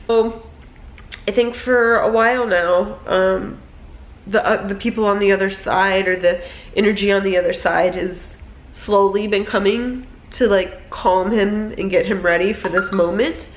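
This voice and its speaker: A woman's voice: mid-range voice, steady tone, measured pace, reverberant. A young woman talking in a rambling, emotional way, filling her speech with "like" and "um", in a personal vlog. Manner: emotional, rambling, many fillers. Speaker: vlogger.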